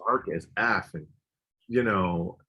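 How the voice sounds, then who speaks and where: A man's voice: deep voice, slow pace, pushed and bright, husky. A man co-hosting a podcast, chatting casually and enthusiastically, rambling with lots of fillers. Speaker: podcast co-host. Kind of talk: casual chat.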